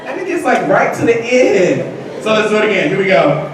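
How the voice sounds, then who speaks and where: Male motivational speaker, high voice, energetic, recorded from afar in a booming hall. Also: a little fast. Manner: energetic, leads call-and-response with the crowd. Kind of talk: motivational speech. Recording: echoey hall from far off, noisy.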